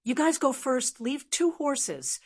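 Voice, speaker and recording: A woman voicing a burly male henchman who speaks in short, hurried lines. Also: sits high, very animated, voice pushed up, heavily acted.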